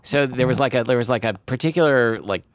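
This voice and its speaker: A man co-hosting a podcast, chatting casually with quick quips and halting, rambling tangents. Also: medium pitch, no room sound, studio quality. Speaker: podcast co-host. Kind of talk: casual chat.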